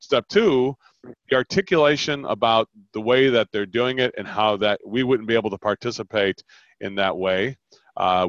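A man coaching on a podcast, animated and quick, often acting out customer lines as he explains sales talks. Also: fairly low pitch, no echo, dull audio. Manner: animated, fast-talking, acts out customer lines.

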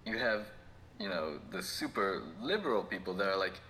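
A man's voice: lowish voice, expressive, moderate pace, sharp tone, slight background noise. A man co-hosting a podcast in casual chat, rambling and laughing often as he tells stories. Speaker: podcast co-host.

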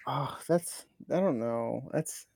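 A young man, a podcast guest, telling crude, animated stories in casual chat, swearing and stumbling over fillers. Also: mid-range voice, slow pace, gravelly, no echo, studio quality.

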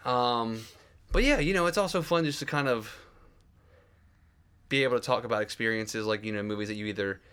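A man's voice: mid-range voice, brisk, long pauses, fairly bright tone, clean tone. A man co-hosting a film podcast, rambling in casual chat with many fillers. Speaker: podcast co-host.

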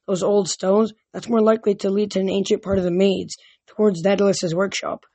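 A brisk, clever teenage girl, read aloud. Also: mid-range voice, little pitch movement, warm tone, slightly rough, no echo.

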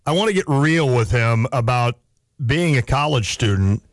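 Speaking into a studio mic with a dry sound, a man hosts a sports radio show and chats casually, slipping in quick self-deprecating asides. His mid-range voice is expressive.

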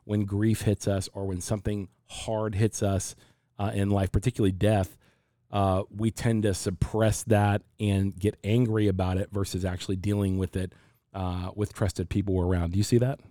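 Speaking about his faith in a relaxed discussion, this pastor in his forties is thoughtful and slow, frequently stopping to begin sentences again. His low, mellow voice barely changes in pitch, and the close, dry recording has no echo.

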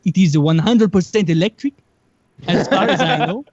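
A man voicing a boastful male amateur aviator with a put-on South African accent and slow, halting, formal speech. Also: high-pitched, animated, a little mellow, dry recording, highs cut off.

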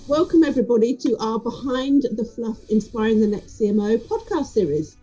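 A woman's voice: fairly high pitch, expressive, brisk, hardly any pauses, dark tone, low-quality recording. A woman hosting a podcast, giving an upbeat scripted intro and then chatting with a remote guest. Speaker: podcast host.

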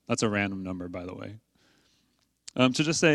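A man's voice: mid-range voice, animated, fairly quick, long pauses, no echo. A man preaching a sermon to his congregation in a conversational way, asking rhetorical questions and leaning hard on key points. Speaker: pastor.

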